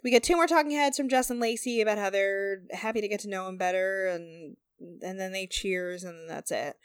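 A woman's voice: medium pitch, a little fast, clear, resonant tone, dry recording, studio quality. A young woman co-hosting a podcast, recapping episodes in casual, profane chat with sarcastic asides. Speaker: podcast co-host recapping a reality show.

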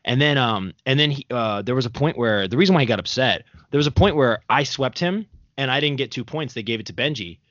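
A man's voice: mid-range voice, lively intonation, fairly quick, few pauses, a bit bright, no room sound. A young man, a podcast host, telling stories in loose casual chat and laughing often between his fillers. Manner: rambling storyteller, laughing often, full of fillers. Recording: dull, dry sound.

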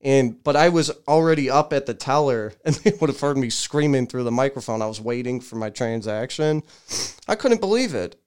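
Male podcast co-host, smooth resonant voice, vents and mimics others in casual banter. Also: mid-range voice, a little fast. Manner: animated ranting storyteller, mimics people in loud raised voices. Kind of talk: casual chat.

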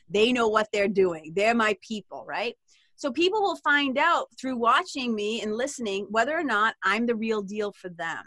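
A woman with a Boston accent talks as a podcast guest in a loose, animated way, laughing and swearing freely. Her voice is bright and a little high. The recording is dry and close. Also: no room sound. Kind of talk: casual interview chat.

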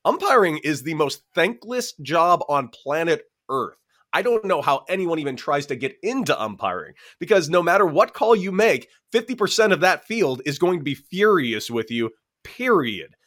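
Male former ballplayer, casual storyteller, a little higher than average, lively. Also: normal speed. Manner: animated, acts out both sides of arguments. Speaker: former baseball player, podcast co-host.

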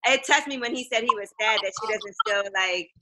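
A woman's voice: on the high side, brisk, background noise. A woman interviewing a guest in a casual chat, laughing often and asking probing questions.

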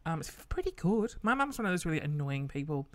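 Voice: mid-range voice, big pitch swings, fast, a bit bright. A podcast host telling a casual story, chatty and loose, swearing freely and acting out the people in it.

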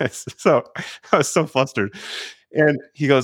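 A man's voice: medium pitch, normal speed, no echo, clean studio sound. A middle-aged man, a sales leadership coach, telling a story as a podcast guest and acting out the dialogue with energy.

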